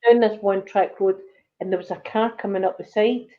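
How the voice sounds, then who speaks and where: A woman's voice: medium pitch, brisk. A Scottish woman of middle age tells a story in an easy, chatty way. She acts out what others said as she goes. The recording is a little dull and lo-fi. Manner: animated storyteller, acts out quoted voices. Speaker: channel host. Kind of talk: casual storytelling chat.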